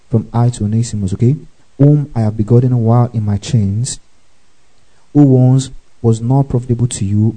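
A man's voice: medium pitch, dark tone, low-quality recording. A male pastor giving a Bible teaching sermon, spelling out words letter by letter and checking in with listeners with frequent "okay" and "praise the Lord".

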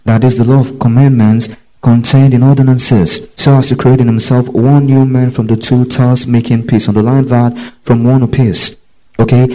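A man's voice: medium pitch, mellow, poor audio. A man teaching from the Bible, reading verses aloud and telling listeners to underline key phrases. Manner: reads scripture aloud, repeats "underline that". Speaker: preacher.

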